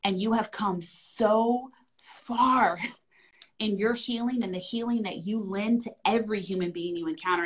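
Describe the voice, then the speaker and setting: A woman in her thirties talking in a gentle, affirming and soothing way in a heartfelt conversation. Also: mid-range voice, low-quality recording. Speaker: wellness guest.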